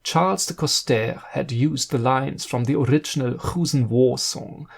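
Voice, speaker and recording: A man's voice: mid-range voice, vocal fry. A man giving an earnest, admiring scripted narration about opera. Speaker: video essayist.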